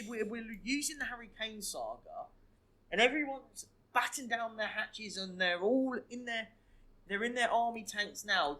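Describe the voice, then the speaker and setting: Male podcast co-host, high voice, animated, opinionated, keeps restarting sentences. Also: rough recording. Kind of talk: casual football podcast chat.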